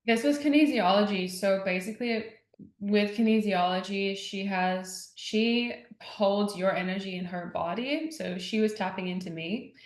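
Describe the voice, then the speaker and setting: A woman's voice: medium pitch, a little slow, a little mellow. Chatty woman guest in an echoey room. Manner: chatty, heavy use of "like", retells others' words. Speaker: podcast guest. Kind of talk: casual interview chat.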